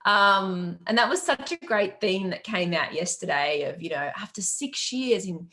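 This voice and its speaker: Warm and lively, a middle-aged Australian woman with a medium-pitched voice runs a live question-and-answer stream, calling out viewers by name. Her business-coach manner is upbeat and encouraging, full of quick laughter, all captured over a video-call laptop or webcam mic.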